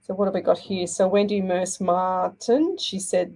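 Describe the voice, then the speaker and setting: A woman, hosting a live psychic reading show, chatty and halting, with many fillers. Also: fairly low pitch, fairly even intonation, gravelly, a little mellow. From Australia. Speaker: psychic medium host.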